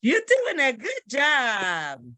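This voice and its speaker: A woman's voice: sits high, huge pitch swings, slow, pushed and bright, no room sound. A woman language teacher leading an online class, patiently repeating phrases and encouraging her students. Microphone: video call.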